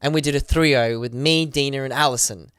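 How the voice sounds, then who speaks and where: A man, a podcast guest, telling a story with excitement, acting out the people he quotes, with many fillers. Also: mid-range voice, a little fast, clear, resonant tone, dry recording, clean studio sound. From Australia. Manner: acts out the voices of people he quotes. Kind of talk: animated storytelling.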